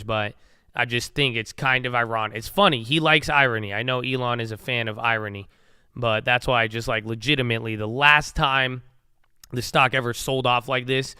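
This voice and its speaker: A young man talks loosely about trades in a rambling, slang-heavy way, tossing in "bro" and "man." His voice is bright and very crisp, and it sits close to the mic in a dry space. He sounds like a regular streamer chatting through his session. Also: medium pitch, no echo. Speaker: stock trading livestreamer. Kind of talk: casual trading chat.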